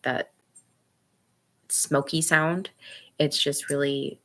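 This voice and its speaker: A woman's voice: low-pitched, fairly bright tone. A woman author hosting a casual live chat, talking in a hesitant, self-conscious way with many fillers.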